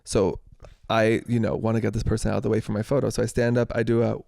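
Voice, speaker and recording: A young man co-hosting a podcast, telling a story in casual chat, animated, laughing and swearing freely. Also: fairly low pitch, quick pace, vocal fry, no echo, clean studio sound. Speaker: podcast co-host.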